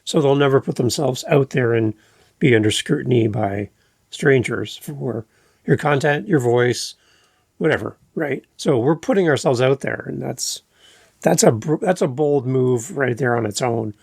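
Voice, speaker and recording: A man hosting a podcast, talking in a relaxed, unhurried, conversational way. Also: mid-range voice, gravelly, husky, dry recording, studio quality. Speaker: podcast host. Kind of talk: casual chat. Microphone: podcast microphone.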